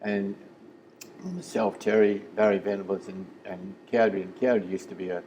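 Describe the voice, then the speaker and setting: A man's voice: deep voice, fairly quick, warm tone, slight background noise, low-quality recording. Older Australian man spinning football yarns. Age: 70s. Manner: rambling yarn-teller who acts out quoted voices. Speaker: interview guest, former footballer. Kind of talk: casual storytelling interview.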